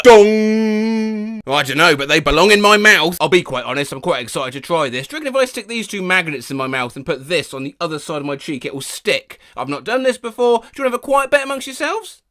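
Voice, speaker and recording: Loud, animated comedy YouTuber. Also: male voice, fairly high pitch, normal speed. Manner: loud, animated, mimics silly sound effects. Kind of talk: chaotic comedy reading and noise imitation.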